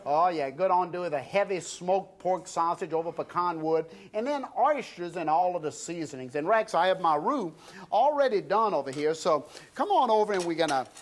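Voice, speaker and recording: Speaking at a moderate pace in a high-sitting voice with lively intonation, a middle-aged South Louisiana man cooks on TV. He walks viewers through a recipe in a folksy, chatty way, with a little hiss or hum under the audio.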